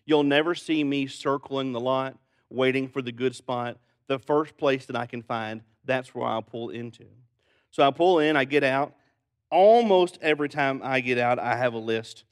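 A male pastor preaching a sermon, telling stories with animated delivery and joking asides. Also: mid-range voice, gravelly. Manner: animated storytelling, jokey asides.

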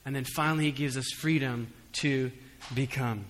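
A man preaching a sermon in a church hall, conversational with humorous asides, swinging between soft reflection and emphatic calls to the congregation. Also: mid-range voice, fairly even intonation, normal speed, slight background noise. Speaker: pastor. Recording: long hall reverb.

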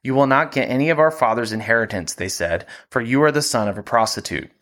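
A man's voice: mid-range voice, fast talker, a bit bright. Man reading scripture steadily. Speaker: Bible reading podcast host.

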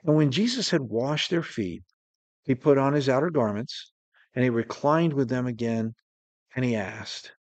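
A male preacher delivers a sermon in an earnest, steady voice. He slows right down on the words he wants to land. His mid-range voice sounds dry and close, with no room echo. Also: medium pitch.

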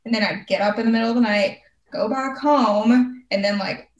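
Recorded in a roomy, muffled way from a distance from the mic, a young woman with a voice on the high side tells a personal story at a moderate pace. She rambles casually, leaning on "like" over and over.

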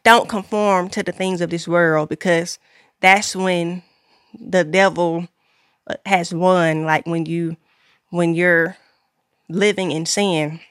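A woman's voice: fairly low pitch, fairly even intonation, slow, long pauses, a bit bright, clean tone, dry recording, studio quality. A woman podcast host, giving an earnest faith-based talk to her listeners, repeating key lines with preacher-like emphasis.

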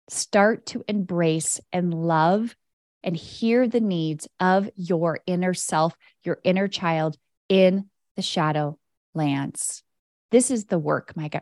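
A woman's voice: fairly low pitch, dry recording, clean studio sound. A woman hosting a spiritual coaching podcast, talking listeners through inner-child work in a soothing, direct, casual way. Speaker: podcast host and energy coach. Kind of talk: guided spiritual coaching talk.

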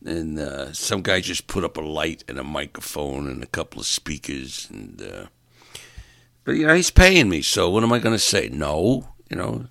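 A man's voice: very deep voice, sing-song, moderate pace, gravelly, fairly bright tone, dry recording, studio quality. A man in a rambling comic monologue, exasperated and ranting, stumbling over repeated words as he vents. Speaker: stand-up comedian.

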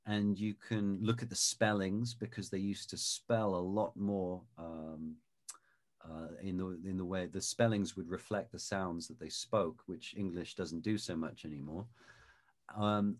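A man talking as an expert guest in a video-call interview, explaining in a thoughtful, measured way and demonstrating sounds. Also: low-pitched, darkish tone. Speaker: guest expert on Shakespeare pronunciation.

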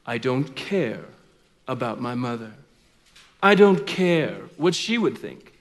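A man's voice: mid-range voice, slow, voice pushed down. A man acting out a corrupt, arrogant judge who coldly brushes off a widow. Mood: dismissive. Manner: dismissive, flat brush-offs. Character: corrupt, arrogant male judge, dismissive and cold. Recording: long reverb of a large hall.

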